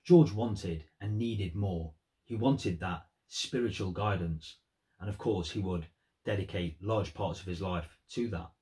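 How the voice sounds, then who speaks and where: A man's voice: deep voice, a little slow, dark tone. A man giving earnest, thoughtful commentary on song lyrics in a vlog. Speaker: music vlogger.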